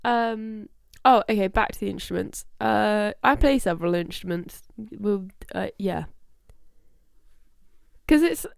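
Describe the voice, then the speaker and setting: A woman's voice: medium pitch, unhurried, vocal fry, long pauses, clear, resonant tone, no room sound, studio quality. A young woman co-hosting a podcast, chatting casually with lots of fillers and self-corrections. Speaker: podcast co-host. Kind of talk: casual chat.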